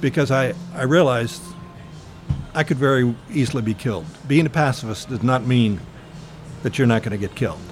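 An older American man giving an oral history interview, telling his memories in an earnest, reflective way with frequent pauses and fillers. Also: medium pitch.

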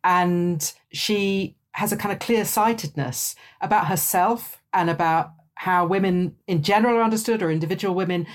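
A woman, speaking as a guest in a thoughtful, measured podcast conversation. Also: lowish voice. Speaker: author and guest.

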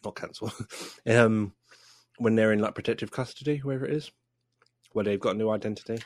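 A man's voice: fairly low pitch, a little fast, no room sound. A man co-hosting a podcast, chatting in a jokey, easygoing way. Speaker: podcast co-host. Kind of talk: casual chat.

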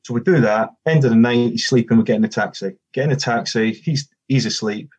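A middle-aged former footballer tells a casual anecdote, acting out the quoted dialogue and restarting often. His mid-range voice is brisk and a little mellow with a breathy edge, and the recording sounds muffled.

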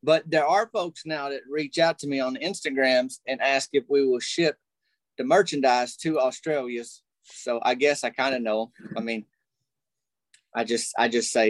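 A man's voice: medium pitch, fairly even intonation, moderate pace, dry recording. A man with a Southern US accent, a podcast guest chatting casually in an easygoing country way. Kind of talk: casual chat.

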